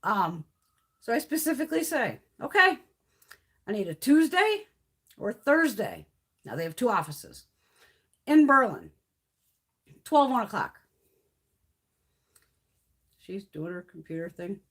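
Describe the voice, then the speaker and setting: High, lively-voiced profane woman ranting. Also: slow pace, long pauses. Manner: heated, profane storytelling, acting out her own replies. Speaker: beauty livestream host. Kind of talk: casual livestream chit-chat.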